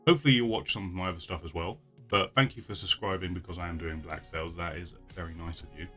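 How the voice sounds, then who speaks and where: Casual male vlogger, deep and bright-toned, talks in loose rambling asides. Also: fairly even intonation, fast talker, faint music behind. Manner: chatty, rambling with frequent restarts and laughs. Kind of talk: casual chat.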